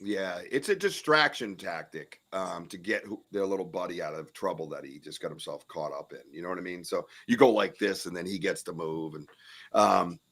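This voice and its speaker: A man hosting a podcast, telling an outdoor encounter in an animated way and swearing when he gets worked up. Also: sits low, normal speed. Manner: animated, swears and yells when retelling scares. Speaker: podcast host. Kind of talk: casual storytelling interview.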